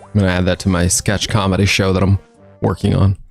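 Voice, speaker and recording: A man's voice: deep voice, flat delivery, a little fast, vocal fry, faint music behind. A man casually commenting on his own gameplay as a streamer, wry and chatty, talking to himself and his viewers. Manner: wry, talks to himself and chat, laughs often.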